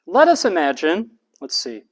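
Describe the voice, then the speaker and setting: A lecturer giving a classroom lecture, speaking in a deliberately raised pitch that carries, with slow, emphatic delivery. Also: huge pitch swings, slightly rough. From United States. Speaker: university lecturer.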